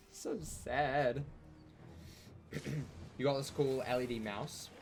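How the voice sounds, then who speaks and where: A man giving chatty, playful live commentary on a game he streams, with joking trash talk aimed at the enemies. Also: lowish voice.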